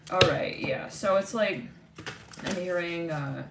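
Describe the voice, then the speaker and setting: A woman with a slightly low voice gives a live tarot reading, chatty and intuitive, with lots of fillers. She sits back from the mic in an echoey room. A loud hiss of noise runs underneath. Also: slow, recorded from a distance. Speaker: tarot reader.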